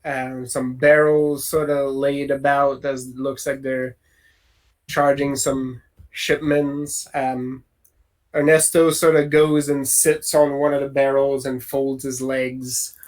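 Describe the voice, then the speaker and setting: A man narrating a tabletop role-playing game as game master, relaxed and rambling with lots of fillers. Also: mid-range voice, slow.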